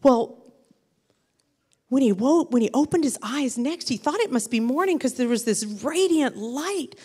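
A woman with a high voice spins a gentle tale for children, pausing to ask her young listeners questions. Her voice rings out with a long reverberant tail, as if in a large hall. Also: animated, slightly rough. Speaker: storyteller to children. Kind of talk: children's storytelling.

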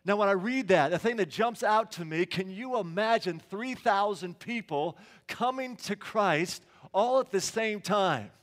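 A man's voice: high voice, expressive, unhurried, few pauses, fairly bright tone. A middle-aged male pastor preaching a sermon in a church sanctuary, telling stories conversationally and asking the congregation questions.

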